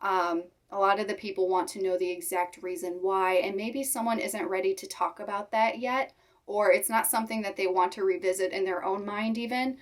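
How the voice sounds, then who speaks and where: A young woman talking to her viewers in a personal vlog, speaking sincerely and haltingly while holding back tears. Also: mid-range voice, fairly even intonation. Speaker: reptile keeper vlogger. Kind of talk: emotional personal vlog talk.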